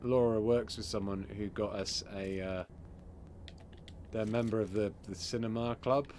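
A man's voice: lowish voice, fairly even intonation, moderate pace, a little mellow, a little hiss or hum. A man chatting and joking casually while streaming a game with a friend, swearing now and then. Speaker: streamer playing online with a friend. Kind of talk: casual chat while gaming.

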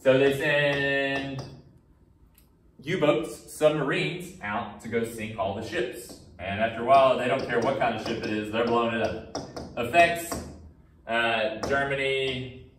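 A man's voice: mid-range voice, fairly even intonation, unhurried, a bit bright, distant mic, slight background noise. Casual male history teacher, roomy sound. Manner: casual, talks to students, acts out countries in silly voices. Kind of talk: recorded classroom lecture.

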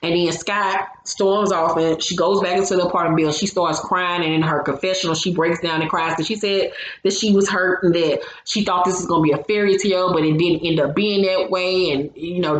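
A woman giving a casual, blunt and opinionated recap of a reality show, with salty language. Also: fairly low pitch. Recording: roomy echo, faint background hum.

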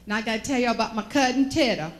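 Southern woman motivational speaker, folksy humor, fairly high voice. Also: fast. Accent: Southern American. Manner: folksy, animated storyteller. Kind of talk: humorous keynote storytelling.

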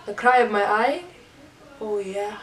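A middle-aged woman talks through a makeup challenge in a halting, rambling, playful way. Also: mid-range voice, steady tone. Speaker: mother doing a makeup challenge. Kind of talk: casual makeup tutorial. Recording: roomy echo, a little distant from the mic, faint background noise.

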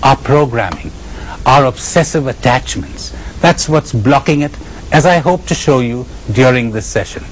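A man's voice: medium pitch, expressive, slight background noise, rough recording. Emphatic Indian-accented man lecturing. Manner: emphatic, with dramatic pauses and chuckles. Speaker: spiritual retreat speaker. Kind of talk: spiritual lecture with storytelling.

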